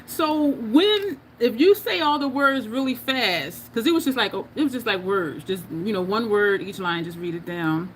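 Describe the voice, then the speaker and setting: There's a little hiss or hum behind this woman's medium-pitched voice as she hosts a relaxed makeup livestream. She talks casually, laughs frequently and reads out what viewers write.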